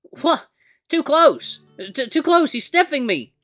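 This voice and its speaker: A game streamer voicing the bewildered, flustered castaway hero of a visual novel, with high, excited exclamations. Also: a little fast, faint music behind.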